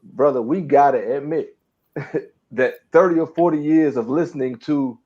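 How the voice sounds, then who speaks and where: A man's voice: fairly high pitch, a little slow, a little mellow. Earnest forties man, dull lo-fi sound. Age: 40s. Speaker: podcast co-host. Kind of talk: casual podcast chat. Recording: dull lo-fi recording.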